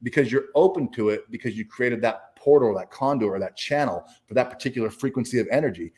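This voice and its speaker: A man's voice: mid-range voice, fast, darkish tone. A man talking as a guest in an interview, telling a personal story in a casual, profane, emphatic way with many restarts. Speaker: guest speaker and author.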